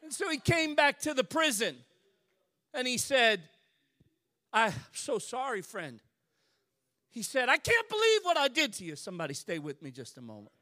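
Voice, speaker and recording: A male preacher with a strikingly high voice, recorded close and dry with no room sound. He preaches by turns in a hushed storytelling tone and in shouted, stretched-out lines. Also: huge pitch swings, no echo. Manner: builds to shouted, drawn-out climaxes. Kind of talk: sermon.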